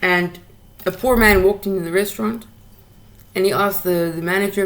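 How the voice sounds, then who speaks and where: A South African woman hosts a solo podcast, ranting bluntly in a casual monologue full of swearing and words she repeats as she gets heated. Her voice is fairly low with vocal fry, steady in tone and fairly quick.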